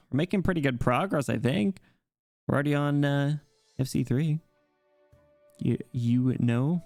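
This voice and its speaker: A man's voice: mid-range voice, unhurried, creaky, pauses often, a little mellow, faint music behind. Male streamer, casual gaming chat, jokey, swears, laughs a lot. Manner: joking, crude, laughs easily. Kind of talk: casual gaming commentary with read-aloud dialogue.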